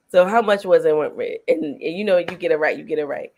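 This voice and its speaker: A middle-aged woman hosting a casual film review chat, retelling scenes with animated energy and frequent laughter. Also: fairly low pitch, normal speed. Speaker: host.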